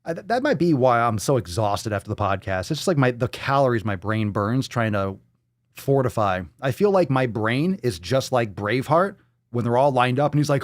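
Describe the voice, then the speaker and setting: A man's voice: medium pitch, animated, normal speed, dry recording, clean studio sound. A man hosting a fitness podcast, ranting in a profane, sarcastic and exasperated way. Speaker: podcast host.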